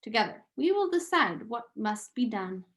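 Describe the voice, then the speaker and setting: A woman voicing a pompous, anxious father mouse who declaims loudly and melodramatically in a storybook reading. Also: a little high, big pitch swings, normal speed. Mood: stern.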